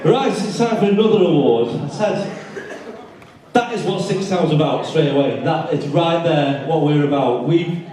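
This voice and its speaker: A man's voice: on the high side, moderate pace, mellow. A man co-hosting an awards night, chatty and jokey, laughing along as he introduces the next award. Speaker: awards co-host. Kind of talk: stage banter at an awards night. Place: large event hall, on stage. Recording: very echoey hall, distant mic, crowd.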